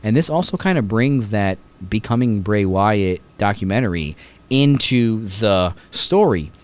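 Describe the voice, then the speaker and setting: Low-voiced man hosting a chatty podcast. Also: animated, measured pace. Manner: chatty, joking, retells scenes. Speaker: podcast host. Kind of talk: casual chat.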